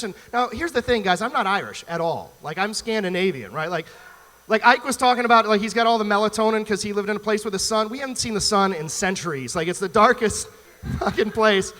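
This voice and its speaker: A male stand-up comedian from the US Midwest, talking in an animated, rambling way on stage at a live venue. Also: high voice, a little fast, long reverb tail. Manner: animated, chatty, rambling asides.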